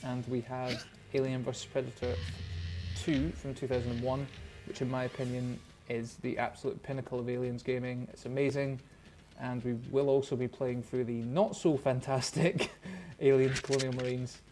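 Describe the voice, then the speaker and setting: A man's voice: mid-range voice, fairly even intonation, normal speed, soft background music, low-quality recording. A Scottish man co-hosting a game stream, chatting casually and teasing his partner in a small studio. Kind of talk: casual let's-play chat. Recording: loud background noise hiss.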